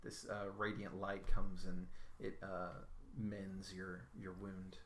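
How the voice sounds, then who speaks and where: A man's voice: sits low, monotone, takes it slowly. Guy game master, casual and hesitant, roomy sound w faint hiss. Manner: casual, hesitant, with many fillers. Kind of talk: narrating a tabletop game.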